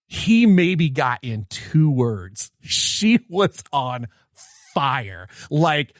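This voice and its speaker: A man, co-hosting a podcast and telling a story in an excited, animated way, often restarting his sentences. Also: fairly high pitch, very slow, no echo, clean studio sound. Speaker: podcast co-host. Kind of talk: casual storytelling chat.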